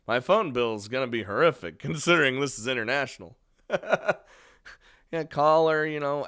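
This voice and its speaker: A man's voice: mid-range voice, a bit bright, clear, resonant tone, dry recording, clean studio sound. A man reading a visual novel aloud with casual, profane commentary. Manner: casual, swears, laughs between lines. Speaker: let's play reader.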